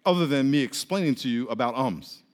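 A man preaching a sermon as pastor, lively, often acting out quoted voices. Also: mid-range voice, fairly quick. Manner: animated, acts out quoted voices. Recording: long reverb of a large hall.

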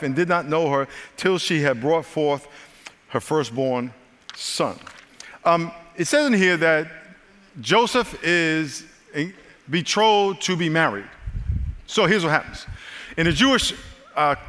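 An older man preaching a sermon as pastor, telling the story with lively, acted-out asides. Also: fairly high pitch, long reverb tail. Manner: animated storytelling with voiced asides.

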